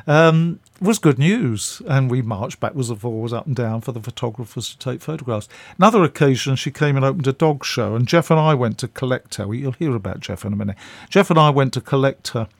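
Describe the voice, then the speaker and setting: An older man tells a story as a radio guest, his pitch swinging widely as he acts out each scene. He chuckles between lines. The sound is close and dry. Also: animated, brisk, no room sound. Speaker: interview guest. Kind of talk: anecdotal storytelling.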